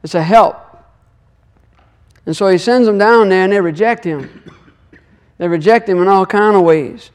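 A man's voice: sits high, moderate pace, long pauses. A man giving an earnest devotional teaching on scripture, repeating phrases and praying aloud. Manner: earnest, repetitive, prays aloud. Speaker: Torah teacher.

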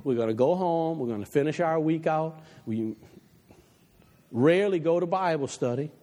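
A man preaching a passionate sermon to his church, dropping low and quiet for the advice he quotes, then climbing again. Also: expressive, normal speed, in a large hall. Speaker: pastor. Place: church sanctuary.

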